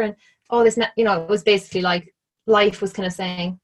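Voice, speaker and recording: A woman's voice: mid-range voice, level tone, quick pace. An Irish woman telling a story in an interview, chatty and full of "like". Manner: chatty, full of "like", acts out quoted lines. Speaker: interview guest. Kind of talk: casual storytelling.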